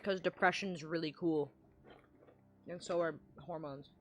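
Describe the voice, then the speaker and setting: A woman's voice: low voice, steady tone, measured pace. A woman streamer in casual livestream chat, ranting and rambling with lots of swearing.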